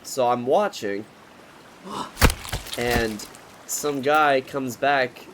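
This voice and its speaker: A man's voice: mid-range voice, very slow, noisy background. A man in his twenties telling a rambling, profane storytime in a casual, joking way. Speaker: vlogger.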